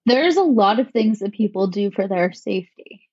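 A woman co-founder answering interview questions in a measured, articulate way, with a touch of dry sarcasm. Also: medium pitch, animated, a little mellow, breathy edge, no room sound, dull audio. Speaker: company co-founder.

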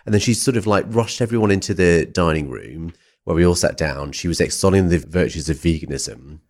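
With a low voice and a brisk pace, this podcast host spins a rambling anecdote during a casual storytelling interview, leaning heavily on "sort of" and "like."

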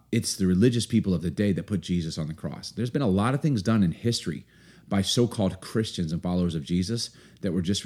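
A man's voice: sits low, dark tone, husky. A man in his forties, a pastor of long standing, talking earnestly on a podcast with many fillers and restarts, and reading scripture aloud.

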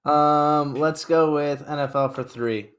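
A man co-hosting a podcast and playing trivia, slow and hesitant and mocking himself. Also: fairly high pitch, fairly even intonation. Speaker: podcast co-host, trivia contestant. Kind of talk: casual banter.

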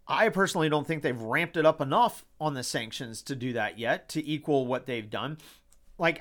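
A man hosts his own talk show, speaking in a fairly high voice. He rants with passion, swears freely and circles back over the same phrases. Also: a bit bright. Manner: impassioned, swearing, repeats himself. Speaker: podcast host. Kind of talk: casual opinion talk.

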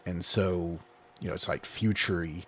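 A man co-hosting a podcast, telling a story in a rambling, halting casual chat. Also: deep voice, fairly even intonation, a little hiss or hum. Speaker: podcast co-host.

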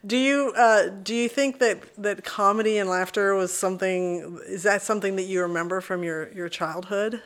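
Woman podcast host, mid pitch. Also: moderate pace, few pauses. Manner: short encouraging backchannels. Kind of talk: casual interview chat.

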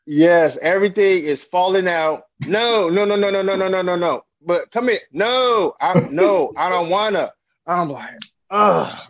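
Animated young father telling stories. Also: high-pitched, unhurried, dry recording, low-quality recording. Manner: animated storyteller who acts out quotes in a raised voice; loose, laid-back, laughs often. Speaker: podcast guest, young father. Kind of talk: casual interview chat.

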